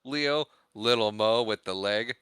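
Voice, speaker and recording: A young man chatting casually about a movie on a podcast, his voice bright and crisp. He acts out quotes from the characters and laughs his way through the retelling. The sound is dry and close. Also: on the low side, measured pace, no room sound. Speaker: podcast co-host. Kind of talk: casual movie recap chat.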